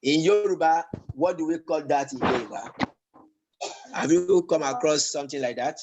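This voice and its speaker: A man teaching a language lesson, talking slowly and haltingly, with many fillers and repeated words. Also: on the high side, a little mellow, a little hiss or hum, low-quality recording. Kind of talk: classroom lesson.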